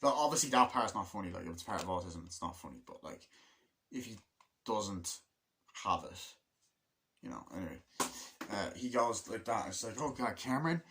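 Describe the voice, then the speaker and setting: A young man giving a casual spoken film review, rambling, swearing often and acting out scenes in quick quoted voices. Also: low-pitched, lively intonation, a bit bright, a little hiss or hum. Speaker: movie reviewer.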